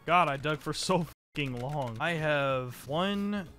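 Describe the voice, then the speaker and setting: A young man streaming a game live and commenting as he plays, rambling and swearing, with sudden shouts of surprise. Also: on the high side, expressive, slow pace, soft background music. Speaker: gaming streamer.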